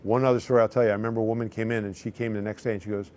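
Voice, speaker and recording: Very fast and with little pitch movement, a middle-aged male chiropractor narrates patient stories to camera, now and then performing their words. His lowish voice has a darkish tone, and the recording carries a little hiss or hum.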